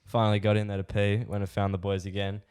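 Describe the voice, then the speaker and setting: A man's voice: lowish voice, fast talker, clean tone. A nineteen-year-old Australian man co-hosting a podcast, telling a story with lots of laughter. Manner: animated storyteller who laughs through his anecdotes. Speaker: podcast co-host. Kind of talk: casual chat.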